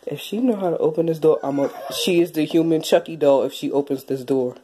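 A woman's voice: sits low, fairly quick. A pregnant young woman vlogging at home in her bedroom, playfully teasing her toddler and slipping into sing-song baby talk. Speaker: vlogger and mother. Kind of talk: casual home vlog. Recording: noisy home recording.

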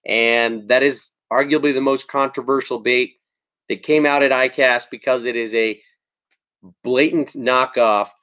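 A man's voice: medium pitch, unhurried. Casual man rambling about lures. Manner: relaxed, rambling with frequent ums. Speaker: fishing channel host. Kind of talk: casual live-stream product talk.

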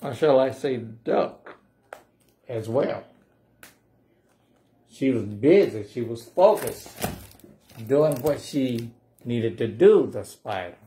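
A man's voice: mid-range voice, expressive, slow pace, long pauses, warm tone, a little hiss or hum. A man reading a picture book aloud at a library storytime, playfully coaxing the children to say the refrain along with him.

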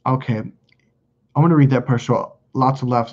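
The man's mid-range voice is steady in tone and moderately paced. He's hosting a casual livestream, bluntly spinning rambling, swear-filled stories while reading viewer comments, on a dull lo-fi recording.

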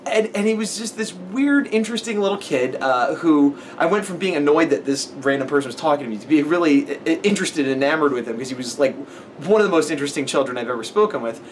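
High-voiced man vlogging on a walk. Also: expressive, fast, a little hiss or hum. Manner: rambling, self-deprecating, many fillers. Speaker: comic artist vlogger. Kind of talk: casual vlog talk. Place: outdoors on an evening walk.

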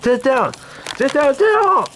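A man voicing a furious, hot-tempered male character who yells threats. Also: very high voice, big pitch swings, a little slow, a little hiss or hum, pitched above the performer's own voice, exaggerated voice. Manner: shouting, yelling threats.

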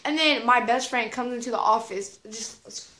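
A teenage girl with a slightly high voice tells a loose, rambling story full of fillers, slang and the odd curse word. Her voice bounces off a roomy, echoey space. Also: normal speed, pushed and bright. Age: teens. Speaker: vlogger. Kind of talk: casual storytime monologue. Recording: roomy echo.

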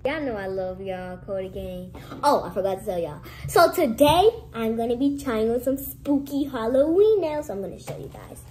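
A young woman chatting casually to camera in a vlog, lively and sometimes dropping to hushed whispers. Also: fairly high pitch, moderate pace, hardly any pauses, a little hiss or hum, low-quality recording. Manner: lively, switches to hushed whispers when nervous. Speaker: vlogger.

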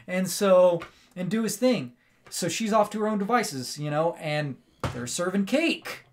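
Guy with a higher voice doing a chatty movie review, excited, rambly, says "like" a lot. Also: measured pace. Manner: animated rambling storytelling, lots of "like" and "right?". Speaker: movie review show host. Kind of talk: casual spoken movie review.

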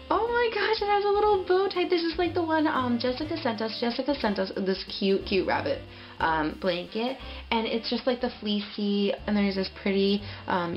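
A young woman in a casual vlog, opening a gift package and gushing with excitement, full of fillers and little laughs. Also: mid-range voice, highs cut off. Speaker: pet vlogger.

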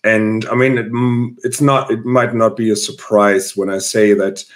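A man with a hoarse voice, chatting loosely as a guest in an interview, full of fillers and restarts. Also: fairly low pitch, little pitch movement, moderate pace. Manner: rambling, many fillers and restarts. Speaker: guest musician. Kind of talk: casual interview chat.

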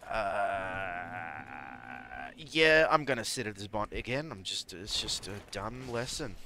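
A man's voice: on the low side, a little slow, pushed and bright, a little hiss or hum. A young man streaming live, muttering and scolding himself as he talks to chat over gameplay.

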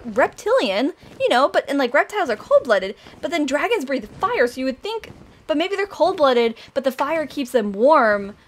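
Bubbly high-voiced young woman gamer. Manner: bubbly, excitable, gasps and squeals with delight. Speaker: gaming channel host. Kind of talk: casual let's-play commentary.

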